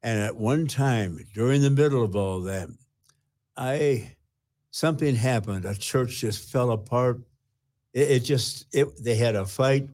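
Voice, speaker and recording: An older man, a retired pastor, earnestly telling his personal testimony with halting restarts. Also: mid-range voice, a little mellow.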